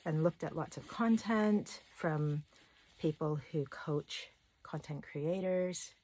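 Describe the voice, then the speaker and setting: A woman's voice: low-pitched, slow pace, a little mellow. A woman talking to camera in a candid, rambling personal vlog, sharing stories with open emotion. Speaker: self-love coach and channel host. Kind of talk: casual personal vlog monologue.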